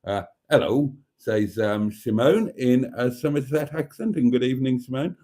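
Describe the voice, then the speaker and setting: A man's voice: mid-range voice, moderate pace, warm tone. A man hosting a casual livestream, chatting affectionately and reading out viewer comments. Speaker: livestream host.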